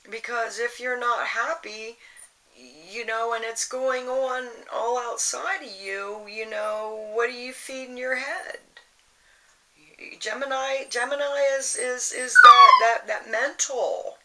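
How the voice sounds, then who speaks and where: A woman's voice: fairly high pitch, very animated, takes it slowly, pushed and bright, slight background noise, low-quality recording. A woman giving a casual astrology and tarot reading, rambling with lots of "you know" and restarts in a motherly, advice-giving way. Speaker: tarot reader.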